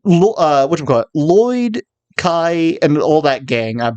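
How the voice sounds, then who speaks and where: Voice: medium pitch, lively intonation, unhurried, a little mellow, no echo, lo-fi sound. A young adult in casual chat about a cartoon series, rambling and good-humored, often recalling growing up with it. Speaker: co-host discussing a cartoon series.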